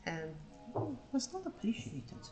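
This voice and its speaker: A woman livestreaming while drawing, telling a sarcastic, swear-filled story in a casual, animated way. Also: mid-range voice, unhurried, faint music behind, low-quality recording. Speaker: livestreaming artist.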